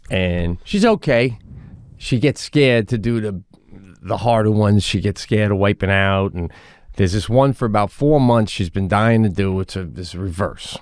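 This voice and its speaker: Animated middle-aged man telling a story. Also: on the low side, no echo, studio quality. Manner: animated, acts out quoted voices. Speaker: podcast co-host. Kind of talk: casual storytelling chat.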